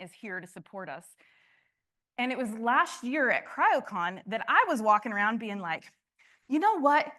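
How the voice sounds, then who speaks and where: A woman's voice: medium pitch, bright, forceful tone. Passionate woman addressing a conference. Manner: passionate, talks to the audience with many restarts. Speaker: conference speaker. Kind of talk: conference talk. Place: conference room with audience.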